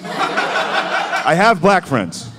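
A man's voice: high-pitched, wildly swooping pitch, very slow, background noise. Loose, crude, chuckling stand-up comic man. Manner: loose, crude, chuckling at his own jokes. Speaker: stand-up comedian. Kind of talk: live stand-up set. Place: live comedy venue.

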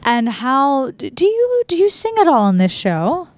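A woman's voice: high voice, wildly swooping pitch, measured pace. A woman interviewing cast members for a local channel, upbeat and enthusiastic. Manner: enthusiastic, bubbly.

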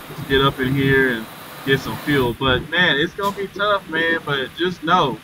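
A man giving casual, chatty commentary on a live gameplay stream, talking to his viewers as y'all and breaking into excited exclamations. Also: medium pitch, recorded from a distance, background noise. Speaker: livestreamer. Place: inside his truck cab.

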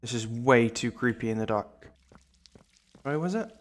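A male streamer gives live gameplay commentary in a mid-pitched voice. He talks nervously to himself, muttering and asking questions. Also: animated, unhurried. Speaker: VTuber streamer.

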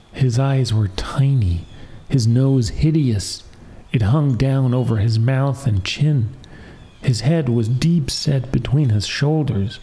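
A man calmly reading a fairy tale as a soft-spoken bedtime story. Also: medium pitch.

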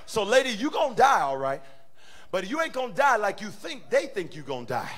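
A male pastor preaching a sermon in a church, animated and swinging from quiet talk to shouting. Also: high voice, fairly quick, a crowd in the background. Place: church sanctuary.

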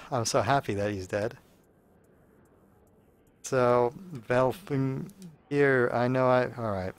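A man's voice: medium pitch, slow pace, long pauses, smooth. Sarcastic man chatting over gameplay. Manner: sarcastic, rambling, joking. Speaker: let's play host. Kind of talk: casual gameplay commentary.

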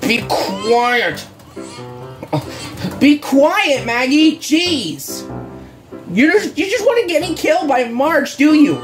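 Exasperated woman streamer, slow drawn-out complaints over game music. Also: high-pitched, big pitch swings. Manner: exasperated, frequent groans and "bruh". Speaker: gaming channel host. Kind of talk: horror game commentary. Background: game music and barking dogs.

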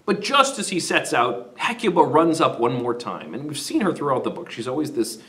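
A man's voice: medium pitch, sing-song, normal speed, fairly bright tone. A man teaching literature who summarizes the story in a casual, conversational way.

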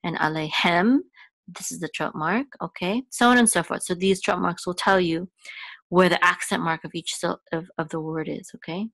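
A woman teaching, who gives slow, patient explanations and chants names and words in a singing voice. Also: lowish voice, no echo. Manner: slow, patient explaining with soft asides between sung names. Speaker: Hebrew teacher. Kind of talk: chanting lesson with spoken explanations.

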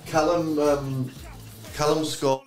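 A man's voice: a little high, flat delivery, slow, soft background music. A young man hosting a live tournament stream, joking around and laughing easily. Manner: jokey, self-deprecating, laughs easily. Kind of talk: casual live-stream commentary.

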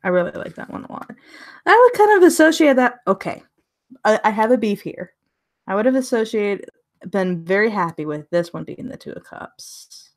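A woman's voice: mid-range voice, big pitch swings, normal speed. A woman casually reviewing a tarot deck on a live stream, chatting and laughing often as she gushes over the cards.

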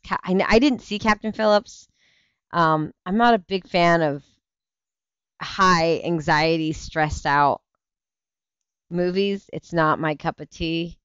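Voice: medium pitch, dry recording, highs cut off. A tired parent hosting a casual livestream, rambling chattily through viewer comments with plenty of restarts and easy laughs. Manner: rambling, chatty, self-interrupting, laughs easily. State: tired, yawning. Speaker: livestream show host; parent of young kids.

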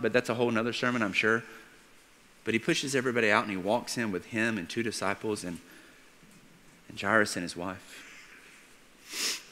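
A male pastor preaching a storytelling sermon, moving between hushed narration and excited emphasis. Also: on the low side. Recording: church hall reverb.

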